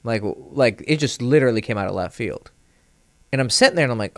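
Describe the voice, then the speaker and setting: A man's voice: lively intonation, quick pace, no echo. A man, a dating coach, telling a long casual story on a livestream, swearing freely and acting out the quoted lines of others. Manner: rambling, profane, acts out quoted dialogue with rising pitch; many fillers and restarts.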